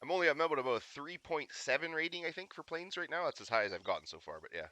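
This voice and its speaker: A young man from Canada chats through a live game stream in a loose, rambling way, joking and laughing often. His voice is very bright, and his pitch swings up and down with lively energy. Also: rapid-fire, dry recording. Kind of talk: casual live-stream chat.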